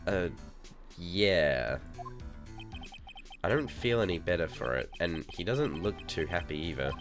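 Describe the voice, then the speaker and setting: A man's voice: low-pitched, animated, a little slow, soft background music. A man voicing a young male defense lawyer in a game reading, with dry, wry remarks.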